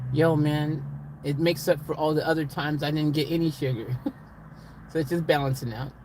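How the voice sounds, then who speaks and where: A man's voice: on the high side, a little mellow, a little hiss or hum. A man casually chatting with his livestream viewers from inside a vehicle, rambling and giggling as he talks to them.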